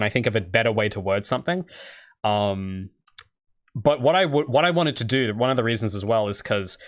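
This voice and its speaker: A man's voice: mid-range voice, fairly bright tone. Young man, from australia, casual stream chat, rambling, restarts sentences. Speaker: indie game developer streaming.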